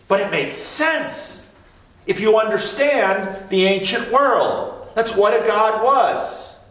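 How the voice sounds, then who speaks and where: High-voiced joking pastor, echoey church. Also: male voice. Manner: animated, joking, acts out voices in quotes. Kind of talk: informal sermon. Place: church sanctuary. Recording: distant mic in a very echoey room.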